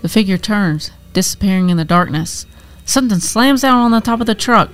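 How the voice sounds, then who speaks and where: A woman reads a scripted horror tale in a measured, tense way. Her pitch sits mid-range for a woman. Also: lively intonation. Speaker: narrator.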